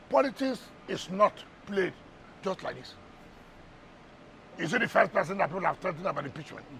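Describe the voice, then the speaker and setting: A politician with a Nigerian English accent argues in a TV interview, pushing back with rapid rhetorical questions and repeated words. His voice sits very high and sounds bright and sharp. A faint hum of background noise runs under the talk. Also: vocal fry. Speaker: politician guest. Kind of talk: heated TV interview.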